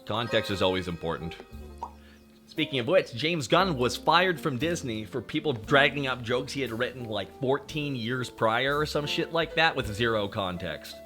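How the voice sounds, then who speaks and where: A young adult man streaming, ranting casually in a profane, animated way and laughing often. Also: mid-range voice. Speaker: VTuber streamer. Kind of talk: casual livestream rant.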